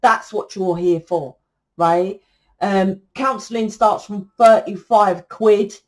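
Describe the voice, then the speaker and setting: A woman's voice: medium pitch, fairly even intonation, slow. A British woman tarot reader talking to camera in a blunt, ranting, freely swearing monologue.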